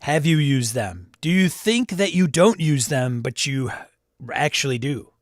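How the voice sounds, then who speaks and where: A man's voice: on the high side, expressive, measured pace, no echo, clean studio sound. A man hosting a casual live-stream chat about tabletop games, greeting viewers by name, reading chat aloud and adding snarky asides. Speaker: livestream host.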